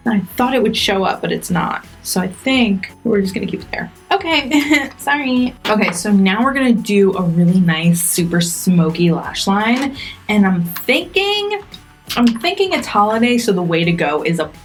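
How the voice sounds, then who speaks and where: A young woman chatting casually through a makeup tutorial, self-mocking and talking straight to her viewers. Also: mid-range voice. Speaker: beauty vlogger.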